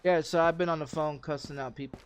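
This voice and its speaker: A man's voice: a little high, steady tone, fast, smooth. A man from Texas, a game streamer, telling an angry story in profane, cursing casual talk.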